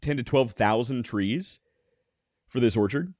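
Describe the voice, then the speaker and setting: A man's voice: mid-range voice, animated, unhurried, a little mellow, dry recording. A man hosting a podcast in casual chat, making dry jokes and reading headlines aloud. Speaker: podcast host.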